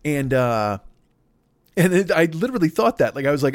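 A man's voice: a little high, very animated, normal speed, long pauses. Profane rambling man in his fifties. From Chicago area, USA. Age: 50s. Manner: profane, rambling, self-mocking rants. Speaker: podcast host. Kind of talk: solo comedic monologue.

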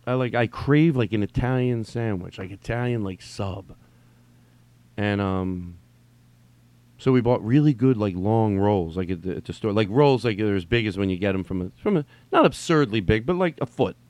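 A man's voice: on the low side, animated, normal speed, darkish tone, dry recording. Rambling, cursing man in a dry room. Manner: digressive, profane, repeats himself. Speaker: solo podcast host. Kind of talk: rambling casual monologue. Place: at home during quarantine.

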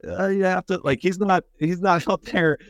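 Plain-spoken man from Texas, fairly high voice. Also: fairly even intonation, moderate pace, creaky, no echo, clean studio sound. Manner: plain-spoken, explains steadily with fillers. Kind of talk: casual political chat.

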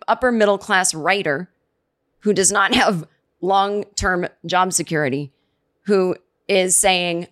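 A woman's voice: medium pitch, fairly bright tone. A middle-aged woman hosting a comedy podcast, delivering a sarcastic, profane comedic rant. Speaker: podcast host. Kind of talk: comedic monologue.

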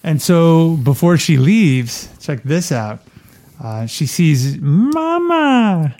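A man co-hosting a podcast, talking casually and reading passages aloud from a book. His voice sits a bit higher than most men's, and he laughs easily between lines. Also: big pitch swings, takes it slowly, a little mellow. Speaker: podcast co-host.

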